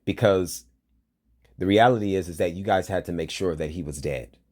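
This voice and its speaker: An agitated man reads a news report in a lowish voice, then cuts in with angry, profane commentary. His delivery swings between flat reading and loud outbursts. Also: normal speed. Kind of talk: angry commentary over a read-out news story.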